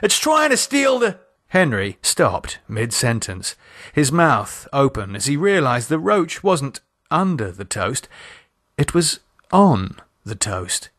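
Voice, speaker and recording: A man narrating an audio horror story in a lively, expressive storytelling manner. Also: mid-range voice, slow pace, no room sound, clean studio sound.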